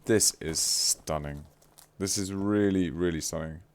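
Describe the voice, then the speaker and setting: A man's voice: low-pitched, measured pace, a little mellow. A man chatting casually on a live stream, effusive and playfully teasing. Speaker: livestreamer.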